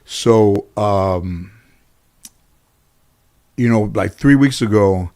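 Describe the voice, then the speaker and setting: A middle-aged man appears as an interview guest, spinning casual, rambling stories packed with "you know." His voice is on the low side and warm, and he speaks very slowly.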